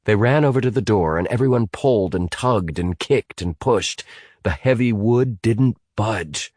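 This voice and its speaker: A man reading a thriller audiobook in an expressive, dramatic way. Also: lowish voice, measured pace, no room sound, studio quality. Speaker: audiobook narrator. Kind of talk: scripted audiobook narration.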